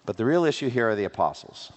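A man preaching a sermon in an animated way, using rhetorical questions and playful asides. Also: medium pitch, fast talker. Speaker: pastor. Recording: long hall reverb.

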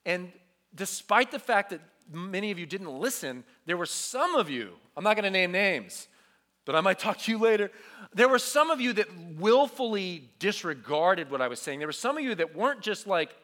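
A man preaching to a junior high youth group, telling a story in an animated way. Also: normal speed. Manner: animated storytelling, acts out quotes. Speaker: youth pastor. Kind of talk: youth sermon.

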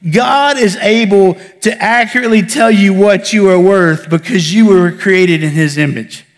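A man pastor preaching a sermon, building emphasis and then falling to soft near-whispers. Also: high-pitched, normal speed, long reverb tail. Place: church sanctuary.

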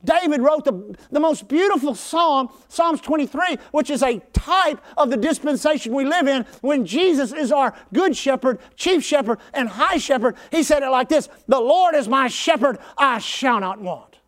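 High-voiced male pastor preaching. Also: expressive, normal speed, hardly any pauses. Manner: call-and-response with the congregation; rising to shouts at peaks. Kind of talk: preaching a sermon.

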